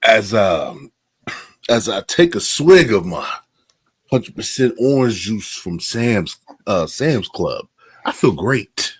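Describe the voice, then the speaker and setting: Excitable low-voiced man, dry close sound. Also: slow, husky, no echo. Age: adult. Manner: animated, excitable storyteller with slang. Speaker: podcast co-host. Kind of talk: casual sports podcast chat.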